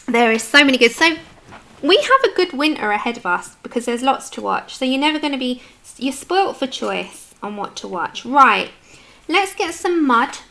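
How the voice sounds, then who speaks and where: A British woman colours while chatting casually with her livestream viewers, answering their comments as they arrive. Into a desk microphone, she speaks at normal speed in a slightly high, bright, forceful voice with big pitch swings and vocal fry.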